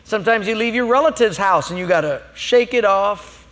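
A man's voice: sits high, moderate pace, fairly bright tone, long reverb tail. A man preaching a sermon as a pastor, emphatic and humorous, telling stories to make his points.

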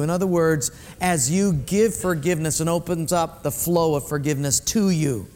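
A man's voice: on the high side, moderate pace, hardly any pauses, darkish tone. A male pastor preaching a sermon in a conversational way, speaking directly to his congregation in a church sanctuary. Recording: echoey hall.

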